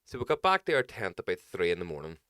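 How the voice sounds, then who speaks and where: Brief: young man, low smooth voice, sweary animated storyteller, dry close mic. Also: quick pace, no echo. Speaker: podcast co-host. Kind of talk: casual chat.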